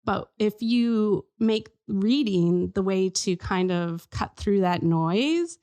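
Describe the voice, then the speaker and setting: A woman in her thirties hosting a podcast, chatting casually and giving parenting tips with lively, playful delivery. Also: medium pitch, slow pace, clean tone. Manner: animated, plays with silly voices while telling parenting tips. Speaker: podcast host. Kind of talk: casual chat.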